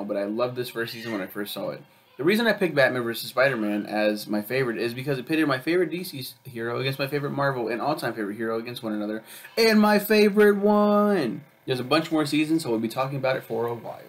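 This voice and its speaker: A young man talks his way through a video review in a loose, rambling way, full of ums and swearing. His voice is gravelly and sits at a middling pitch. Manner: rambling, profane, with many ums and uhs. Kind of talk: casual chat.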